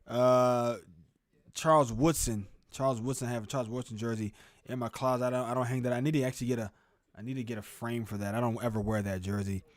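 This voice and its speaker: Speaking fast in a steady, medium-pitched voice, a young man runs a casual live game reaction show from home in a room with a closet. He rambles about the football game and says hello to people in the chat.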